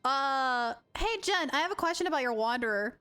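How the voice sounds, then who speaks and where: A young woman game streamer talking to her live chat in an excitable, gushing, giggly way. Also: sits high, moderate pace, soft background music.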